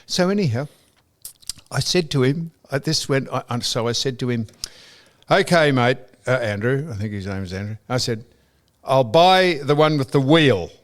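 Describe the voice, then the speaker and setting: An older Australian man in relaxed podcast chat, telling a long story with plenty of colour. He mimics the people he talks about and drops the odd swear word. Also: mid-range voice, moderate pace. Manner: animated anecdote-telling, mimicking others, laughing, swearing. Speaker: podcast co-host.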